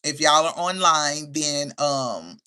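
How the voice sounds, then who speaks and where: A woman's voice: deep voice, slow, bright, forceful tone, smooth. A woman with grandkids hosting a casual livestream, chatting with viewers, reading their comments aloud and laughing often. She says she has been crying and feels emotional. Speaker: livestream host.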